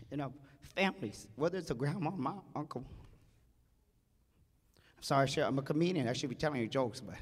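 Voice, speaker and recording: A male conference speaker with a fairly high, breathy-edged voice shares an emotional family story from the stage, performing the quoted voices. Big hall reverb surrounds him.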